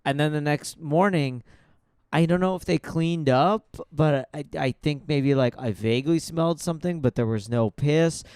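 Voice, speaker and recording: A man's voice: a little high, normal speed, darkish tone, clear, resonant tone, dry recording. A man co-hosting a podcast, rambling in casual chat with many "like"s. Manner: rambling, hedging with "like". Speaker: podcast co-host.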